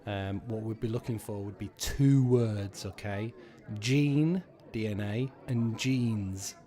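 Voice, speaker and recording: Slow-talking, sweary pub quiz host man. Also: on the low side, dark tone. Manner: casual, sweary, repeats each question slowly. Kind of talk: live quiz hosting.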